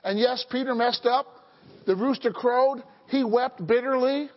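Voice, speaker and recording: A man preaching a sermon as pastor, lively and acting out Bible scenes in voices. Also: extremely high pitch, unhurried. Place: church sanctuary. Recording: dull audio with long church reverb.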